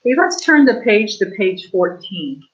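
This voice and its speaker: A woman teaching a remote kindergarten reading lesson, reading slowly and with exaggerated stress, prompting the children with questions. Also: medium pitch, big pitch swings. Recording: dull lo-fi online class audio.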